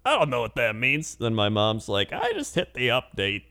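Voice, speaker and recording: A man co-hosting a casual chat, telling animated stories and mimicking people. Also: moderate pace, vocal fry. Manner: animated storyteller, mimics people in high voices.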